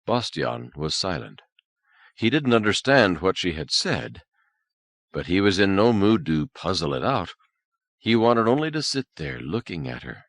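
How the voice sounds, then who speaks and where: A man narrating an audiobook novel in a lively, expressive read, with soft, hushed character lines. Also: low-pitched, measured pace, no room sound. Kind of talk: scripted narration. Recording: old cassette audiobook, dry.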